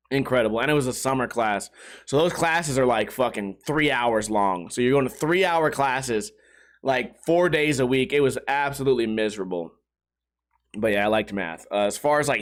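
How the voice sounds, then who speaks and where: A man's voice: a little high, fairly bright tone. A young adult man hosting a casual solo podcast, rambling and swearing with self-mocking humor. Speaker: podcast host.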